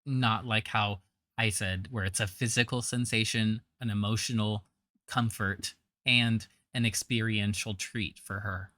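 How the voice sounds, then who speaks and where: A man's voice: lowish voice, steady tone, a little slow, sharp tone, no echo, clean studio sound. A man giving blunt, scornful reaction commentary, with a trained singer's voice.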